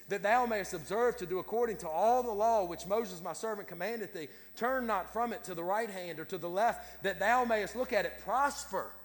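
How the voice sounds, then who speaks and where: A man preaching a sermon in a folksy, repetitive way, with stammered restarts and plain country grammar. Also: high voice. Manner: folksy, repeats words, Southern-style grammar. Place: church sanctuary. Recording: long reverb in a hall.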